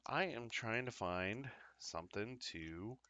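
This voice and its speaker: A man hosting a casual live show, chatting in an upbeat, rambling way with lots of fillers and quick apologies. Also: fairly low pitch, lively intonation, pushed and bright, no room sound. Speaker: podcast host. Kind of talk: casual live-stream chat.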